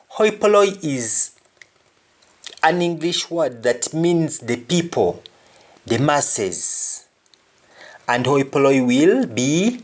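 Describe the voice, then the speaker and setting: A man teaching a pronunciation lesson, speaking deliberately and repeating each word to demonstrate how it sounds. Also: mid-range voice, expressive. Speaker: language teacher.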